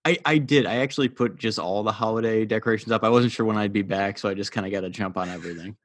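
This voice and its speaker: A man with a low voice joking his way through a casual hockey podcast chat. He, a wry, self-deprecating humor, and often stammers as he restarts a thought. The recording is dry and close. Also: fast, no room sound. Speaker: podcast co-host.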